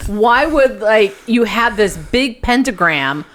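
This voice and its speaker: Skeptical woman with a lively voice. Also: fairly high pitch, takes it slowly. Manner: skeptical, incredulous questioning. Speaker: podcast guest, actor. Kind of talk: casual chat.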